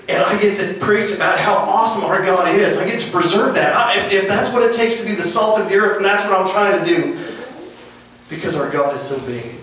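Earnest preacher, echoey and distant. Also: male voice, sits high. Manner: earnest, repetitive, folksy, dropping to hushed tones. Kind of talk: sermon. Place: outdoors.

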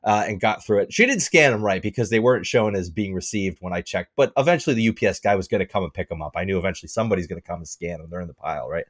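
A man co-hosting a podcast, telling a story in a casual, animated way, swearing and getting worked up. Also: rapid-fire, hardly any pauses. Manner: animated storytelling, swearing, rising in pitch when riled. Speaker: podcast co-host. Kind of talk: casual chat.

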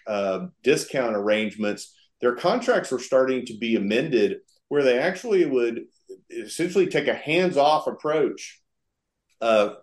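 A man speaking as an interview guest, explaining earnestly and deliberately and often circling back to rephrase. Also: mid-range voice. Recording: roomy, echoey sound.

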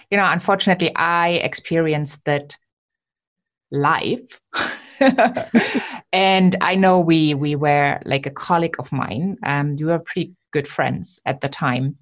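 A woman hosting an interview, thanking her guest and sharing a similar story. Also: low-pitched. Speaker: host. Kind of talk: podcast interview.

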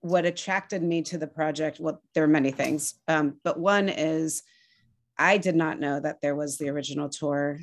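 A woman executive director answering interview questions in a measured, earnest way. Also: low voice, steady tone.

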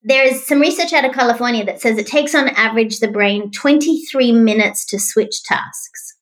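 A woman's voice: on the high side, moderate pace. A woman guest and author, telling stories animatedly in an interview and acting out the voices of the people in them. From from outside the US. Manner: animated storyteller, acts out voices. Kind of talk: storytelling interview talk.

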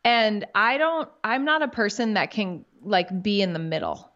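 A woman's voice: medium pitch, big pitch swings, measured pace, fairly bright tone. A woman in her thirties, a podcast guest, telling a personal story in a candid, emotional way and swearing casually. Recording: dull lo-fi audio.

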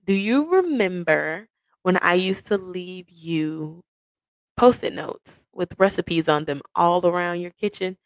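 A woman hosting a personal podcast, telling the story of her proposal to her partner in an animated, playful way. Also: on the low side, takes it slowly, no room sound. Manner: animated, playful, acts out quoted voices. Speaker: podcast host.

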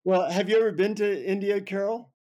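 A man on an interview show telling a funny personal story with lively, self-mocking humor. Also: sits high, brisk. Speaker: guest. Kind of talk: anecdotal storytelling.

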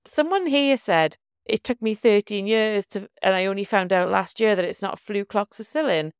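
Smooth-voiced Welsh woman chatting. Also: mid-range voice, normal speed, no room sound, clean studio sound. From Wales. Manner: chatty, animated storytelling with laughter. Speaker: podcast co-host, doctor. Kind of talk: casual chat.

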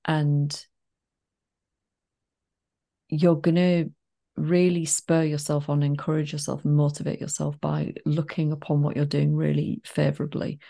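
A woman's voice: low voice, vocal fry, mellow. A woman co-hosting a podcast, talking. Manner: encouraging, coaching tone. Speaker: podcast co-host and sobriety coach. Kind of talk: casual podcast chat.

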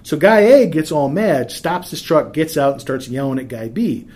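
Pitched on the high side and a little mellow, a middle-aged man speaks at a moderate pace. His talk is relaxed and explanatory, full of practical tips and anecdotes, with frequent restarts and filler words.

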